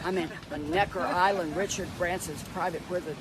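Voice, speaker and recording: A man with a Southern US accent chatting to camera in an animated, exclaiming storytelling way. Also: high voice, a little fast, a loud crowd. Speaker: social media personality. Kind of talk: casual monologue to phone camera.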